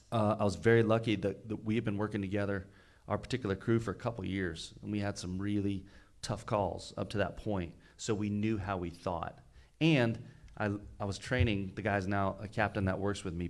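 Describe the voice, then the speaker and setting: A man, a fire battalion chief, telling a rescue story in casual podcast chat, earnest and emphatic, often stumbling and repeating words. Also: lowish voice. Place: recorded live on location at a fire expo.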